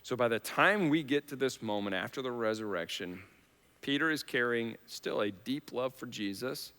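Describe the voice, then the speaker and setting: A man delivers a conversational sermon and slips into acted-out quotations that build to near shouts. His voice is bright and forward. It rings with the long reverb of a large church hall. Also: medium pitch, lively intonation, normal speed. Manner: conversational preaching, acts out Bible quotes with rising intensity. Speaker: pastor.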